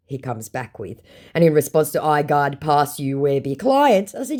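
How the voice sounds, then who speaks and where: A woman's voice: low voice, expressive, normal speed, a little mellow. A woman reading out her text chats with a scammer in a sarcastic, mocking tone, firing off dry, withering put-downs.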